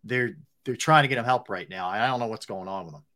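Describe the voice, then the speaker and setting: A man's voice: on the low side, fast, pushed and bright. Stat-reciting male sports talk co-host. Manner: conversational, rattles off stats, many fillers. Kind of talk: casual sports radio chat.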